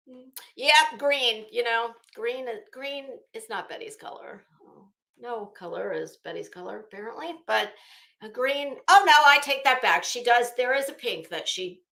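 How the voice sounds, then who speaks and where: Here is a middle-aged woman running a casual commentary livestream in her home office, greeting viewers by name and reading their comments as she rambles. Her voice leans high, with vocal fry and a sharp edge.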